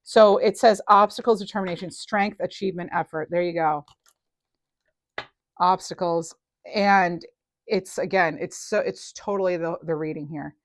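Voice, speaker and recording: A woman giving a casual tarot reading to camera, chatty and animated, full of fillers and restarts. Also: on the low side, normal speed. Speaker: tarot reader.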